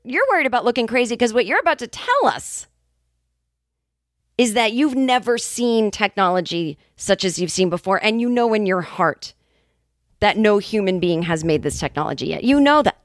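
Comedian woman in her fifties hosting her own podcast, animated and salty, on a dry close mic. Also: medium pitch, normal speed, dry recording. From New England, Boston area. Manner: animated, profane, jokey asides. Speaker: podcast host and stand-up comedian. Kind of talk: casual comedic monologue.

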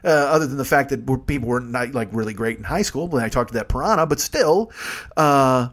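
A man's voice: mid-range voice, expressive, a little fast, a bit bright, pitched below the performer's own voice. A man voicing a brash, swaggering male sea hero who talks profanely. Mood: reasoning. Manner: profane, boastful.

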